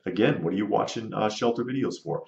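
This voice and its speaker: A man's voice: lowish voice, quick pace, creaky, a little mellow. A man hosting his own channel, bluntly and sarcastically answering rude viewer comments in casual commentary. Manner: blunt, sarcastic, dismissive of critics. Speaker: channel host. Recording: roomy, slightly dull audio.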